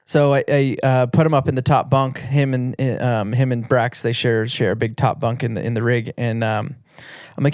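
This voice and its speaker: A man's voice: mid-range voice, normal speed, a little mellow, clean tone, no echo, clean studio sound. Rambling man swearing through stories. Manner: rambling, many restarts, swears freely. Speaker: podcast guest, retired motocross champion. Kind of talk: casual storytelling chat.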